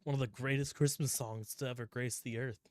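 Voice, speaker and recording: A young man co-hosting a podcast, telling a story casually with lots of swearing and quick put-on voices for the characters. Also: mid-range voice, no room sound. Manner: animated, profane storytelling, acting out characters in voices. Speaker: podcast co-host. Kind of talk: casual chat.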